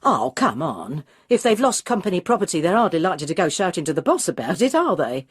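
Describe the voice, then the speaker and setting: A woman's voice: lowish voice, lively intonation, brisk, a little mellow, dry recording, clean studio sound. A woman doing an insolent young receptionist. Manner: insolent, dismissive.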